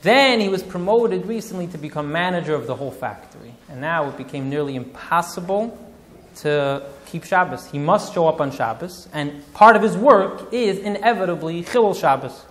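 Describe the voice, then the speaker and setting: A male rabbi recounts a story with drama and feeling, mixing in Yiddish and Hebrew terms. His speaking voice sits somewhat high for a man. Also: lively intonation, normal speed, slight background noise. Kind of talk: storytelling talk.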